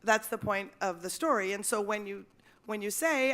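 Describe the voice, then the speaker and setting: A woman's voice: medium pitch, moderate pace, a bit bright. A middle-aged woman from Minnesota emceeing an awards evening on stage, telling wry comic stories and acting out the voices of the people in them. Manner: wry storytelling, acts out voices in quotes. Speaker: event emcee. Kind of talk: stand-up comedy and emceeing at an awards event. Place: event hall stage. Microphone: stage microphone.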